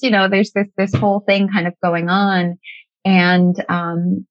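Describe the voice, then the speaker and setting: A middle-aged woman, appearing as a guest, tells a personal story conversationally, frequently restarting her sentences and quoting what others said to her. Her medium-pitched voice is steady and measured, captured on a dull, dry lo-fi recording with no echo.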